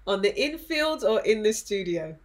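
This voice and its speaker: A woman's voice: mid-range voice, sing-song, normal speed. A woman in her forties hosting an interview, upbeat and encouraging as she asks her guest questions and signs off to viewers. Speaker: interview host. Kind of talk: casual interview and sign-off to viewers.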